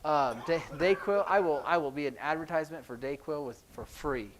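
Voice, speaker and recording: Man in a church classroom running a sign language lesson; rambling, jokey, pitched a touch high. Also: a little fast, slight background noise, low-quality recording. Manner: chatty, rambling, jokey asides. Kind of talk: casual classroom teaching.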